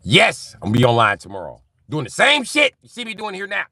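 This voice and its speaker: A man streaming live and reading chat aloud, in loose, animated, profane banter with frequent laughter. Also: high voice, quick pace, no room sound.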